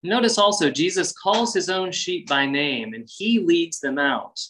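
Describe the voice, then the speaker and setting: A man preaching a sermon, expressive, acting out quoted lines with big shifts in pitch. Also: unhurried, rough recording. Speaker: pastor.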